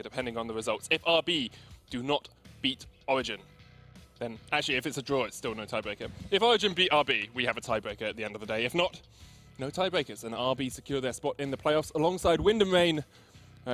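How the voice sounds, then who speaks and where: Fast-talking esports desk host. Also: male voice, medium pitch, a bit bright. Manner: quick, chatty, jokey, throws questions to co-hosts. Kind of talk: casual analysis chat on a live esports stream.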